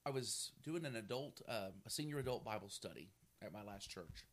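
A man preaching a sermon as a pastor, telling a story with animated energy and laughter. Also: fairly low pitch, fairly quick.

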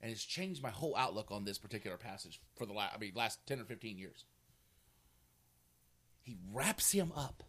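A man preaching a sermon as a pastor, telling a story with animated energy and laughter. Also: fairly low pitch, fast talker, few pauses.

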